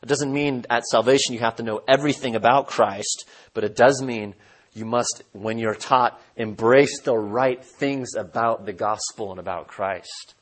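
A male preacher with a husky edge, at an ordinary middle pitch. He teaches through a passage with emphasis, throwing out rhetorical questions and moving between raised, urgent lines and quiet ones. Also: steady tone, normal speed. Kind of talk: expository sermon.

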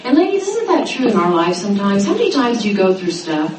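A middle-aged woman teaching a sermon to a women's gathering, acting out the quoted voices with lively pitch. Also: quick pace, hardly any pauses. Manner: animated, dramatizing quotes with rising pitch. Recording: roomy echo, mic at a distance, faint noise.

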